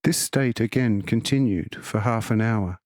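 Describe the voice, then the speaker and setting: A man narrating a religious book as an audiobook reader, in a measured, even delivery. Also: fairly low pitch, dry recording, studio quality.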